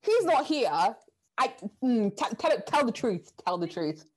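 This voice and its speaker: A woman hosting a casual chat, effusive and loud, gushing and pressing her guests for details. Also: on the high side, very animated, slightly rough. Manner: effusive, loud, quick to gush. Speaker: host.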